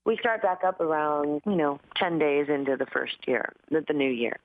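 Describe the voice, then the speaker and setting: A woman's voice: low voice, lively intonation, moderate pace. A woman singer chatting as an interview guest, her voice a little groggy and dry from an overnight flight, chatty with frequent laughs. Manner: chatty, laughs often, many fillers. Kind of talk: casual interview chat. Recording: tinny phone-line audio.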